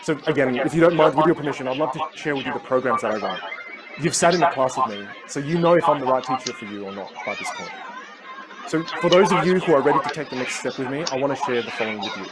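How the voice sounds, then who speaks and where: A man coaching on communication at a live seminar. He acts out inner voices with big jumps in pitch. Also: lively intonation, fast talker, a loud crowd, very noisy.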